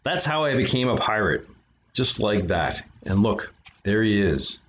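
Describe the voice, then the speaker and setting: A man's voice: lowish voice, big pitch swings, measured pace, fairly bright tone. A man reading a children's picture book aloud as a storyteller, breaking off for chatty asides to his listeners. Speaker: storyteller for an art studio. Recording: dull lo-fi recording.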